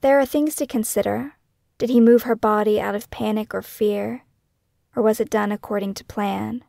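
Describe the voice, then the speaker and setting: A woman narrating her own scripted true-crime podcast in a measured, questioning, somber way. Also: medium pitch, vocal fry, darkish tone, no echo, clean studio sound.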